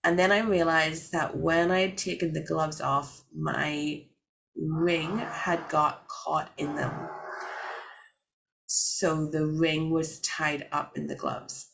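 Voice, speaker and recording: Young woman vlogger, deep voice with vocal fry, casual rambling storyteller. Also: fairly even intonation, slow, a bit bright, low-quality recording. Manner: rambling, many fillers and restarts.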